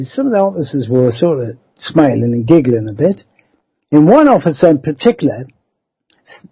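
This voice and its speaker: A man's voice: on the high side, slightly rough, lo-fi sound. A man, rambling through a life story as a radio interview guest, often adding 'you see'. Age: 70s.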